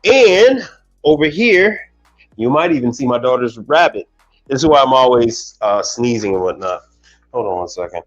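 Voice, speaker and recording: On a livestream, a man who works as an appliance technician talks casually, repeating himself and often restarting sentences. His voice is medium-pitched with lively intonation and a moderate pace. Faint music plays under dull-sounding audio.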